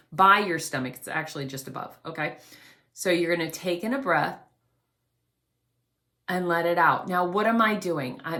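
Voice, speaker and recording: A woman vocal coach teaching an online singing lesson, explaining calmly and demonstrating quiet breaths. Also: fairly low pitch. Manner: gently instructive, demonstrates breaths.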